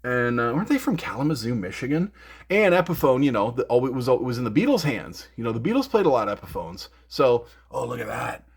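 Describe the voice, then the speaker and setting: A middle-aged man hosts a music gear news show from his home music room. He chats casually and rambles, tells jokes, and restarts his sentences often with lots of fillers. His voice sits at an ordinary middle pitch. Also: sing-song, quick pace, gravelly, breathy edge. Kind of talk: casual chat.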